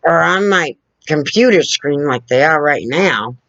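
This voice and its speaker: Slow, lecturing woman on a lo-fi webcam. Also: low-pitched, expressive, fairly bright tone, dry recording. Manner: lecturing, repeats points, checks in with "okay?". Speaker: vlogger. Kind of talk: direct-to-camera opinion rant. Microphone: camera on a computer two feet away.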